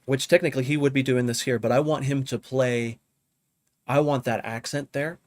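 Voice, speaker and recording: A man's voice: medium pitch, normal speed, dry recording. Laid-back male producer, talky tutorial delivery, mid-range voice, home studio. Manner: relaxed, thinking aloud, often asks "you know what I mean?". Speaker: music producer teaching drum programming. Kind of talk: casual live tutorial.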